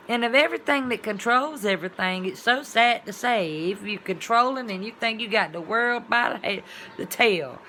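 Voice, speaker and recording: A woman's voice: medium pitch, bright, forceful tone, a little hiss or hum. A woman vlogger talking in a casual, rambling monologue, with colloquial, folksy phrasing and sound-effect words.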